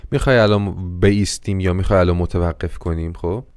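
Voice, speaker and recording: A male English teacher and native Persian speaker who teaches an online class. He works through textbook exercises, repeating English sentences slowly and then translating them quickly. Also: low voice, steady tone, darkish tone, clear, resonant tone, dry recording.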